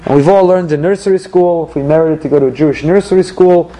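High-voiced, mellow-toned man teaching Torah. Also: quick pace, a little hiss or hum, rough recording. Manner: teaches through strings of rhetorical questions with dry humor. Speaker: rabbi teaching a Torah class. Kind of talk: Torah class lecture to a live group. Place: class room in South Florida.

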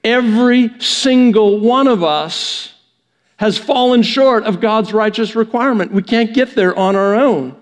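A man's voice: high-pitched, a little slow. A man preaching a conversational sermon in a church, often restarting his phrases. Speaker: pastor. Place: church sanctuary. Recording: long church reverb.

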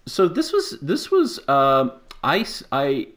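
A man's voice: fairly high pitch, wildly swooping pitch, slow, fairly bright tone. A man hosting a casual podcast over a video call, rambling with many fillers and frequent laughs. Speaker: podcast host. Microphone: personal microphone on a video call.

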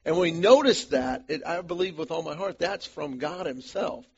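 A gravelly, slightly husky man in his fifties leads a men's study group in front of a live audience. He talks in a fairly high voice and tells animated stories, acting out the voices of the people in them. The recording sounds dull and lo-fi. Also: moderate pace. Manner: animated storyteller who acts out quoted voices. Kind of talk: storytelling talk to a live group. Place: meeting room before a live audience.

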